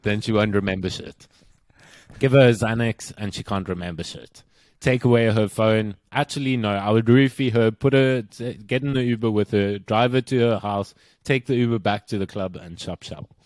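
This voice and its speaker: A man's voice: fairly low pitch, darkish tone, no room sound. A young man from South Africa with a South African accent, co-hosting a casual podcast chat in a crude, joking way and laughing through his own lines. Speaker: podcast co-host.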